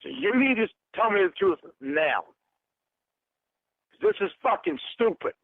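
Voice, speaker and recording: A man's voice: sits high, very animated, unhurried, dry recording. A man in a furious, swearing phone argument, hurling accusations. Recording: tinny phone line.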